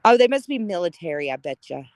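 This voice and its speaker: A middle-aged woman, chatting casually on a live stream, greeting viewers by name with gushing warmth and frequent laughter. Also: lowish voice, very animated, fast, dry recording.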